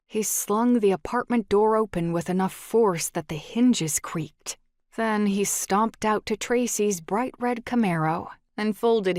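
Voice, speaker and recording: A woman reading a romance audiobook in an even, measured storytelling voice. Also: medium pitch, no room sound. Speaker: audiobook narrator. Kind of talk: scripted narration. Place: recording booth. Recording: dry close studio sound.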